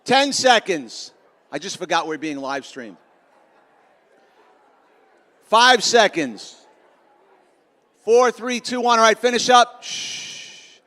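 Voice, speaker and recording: A middle-aged man giving an energetic, self-mocking motivational talk to students at a school assembly. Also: high voice, slow pace, long pauses. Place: large school auditorium. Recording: long auditorium reverb.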